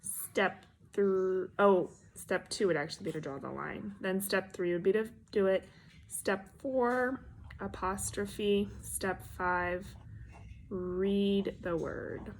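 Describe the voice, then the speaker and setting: A woman's voice: mid-range voice, a little hiss or hum. Patient woman teacher sounding out words. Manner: encouraging, patient, slow clear sounding-out of letters. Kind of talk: phonics lesson for young children.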